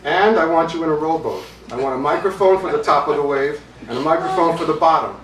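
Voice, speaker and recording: A man's voice: mid-range voice, expressive, moderate pace, close to an everyday voice. A man voicing a spaced-out hippie bandleader who makes absurd demands with insistent matter-of-factness, while reading aloud at a bookstore. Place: bookstore reading, audience present. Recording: roomy, distant mic, faint ambience.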